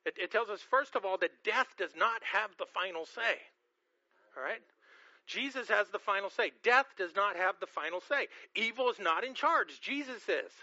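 A man's voice: high voice, expressive, normal speed, sharp tone, no echo, dull audio. A man preaching an earnest sermon, often repeating words as he starts a phrase and asking the congregation questions. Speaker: pastor.

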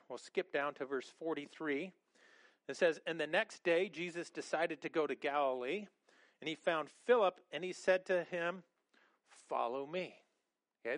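A middle-aged man preaching a sermon in an animated, conversational way, often repeating words and restarting his sentences. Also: a little high, no room sound. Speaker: pastor.

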